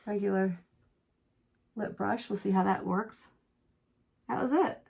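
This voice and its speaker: A woman's voice: medium pitch, a little slow, vocal fry, a little mellow. Chatty woman doing a makeup tutorial. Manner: chatty, candid, exclaims often. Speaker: beauty vlogger. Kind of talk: casual makeup tutorial with storytelling.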